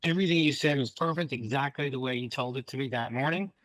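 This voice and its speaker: A man who cuts in on a podcast with quick, eager remarks. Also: mid-range voice, fairly bright tone, dry recording, low-quality recording.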